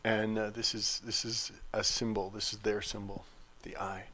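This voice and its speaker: A man's voice: lowish voice, flat delivery, normal speed, bright, forceful tone. A man speaking casually on a game livestream, a developer answering questions and teasing his co-host with dry wit. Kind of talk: casual gaming livestream chat.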